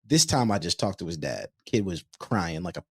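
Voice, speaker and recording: Low-voiced man telling an animated story. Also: moderate pace, slightly rough, no echo, clean studio sound. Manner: animated, repeats words when excited. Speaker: podcast host and youth basketball coach. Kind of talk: casual podcast storytelling.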